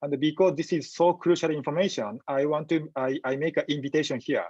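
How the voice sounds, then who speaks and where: Halting male medical lecturer, dull audio. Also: a little high, fairly even intonation, a little mellow, slightly rough, no echo. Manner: halting, measured, frequent pauses and fillers. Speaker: physician lecturer.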